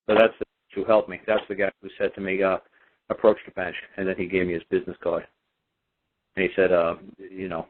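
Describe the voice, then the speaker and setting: A man's voice: deep voice, flat delivery, fairly quick. Defiant man on a tinny radio line. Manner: defiant, repetitive, emphatic. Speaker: radio show guest speaker. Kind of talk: impassioned personal story on talk radio.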